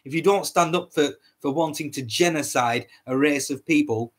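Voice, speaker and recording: A man's voice: on the high side, moderate pace. A man hosting a solo podcast, ranting in a heated, repetitive way, swearing often and stumbling over his words. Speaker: podcast host.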